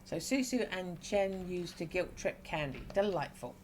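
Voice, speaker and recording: A woman's voice: on the low side, lively intonation, moderate pace, darkish tone, a little hiss or hum. A woman streamer reading a story game aloud, making dry, wry asides.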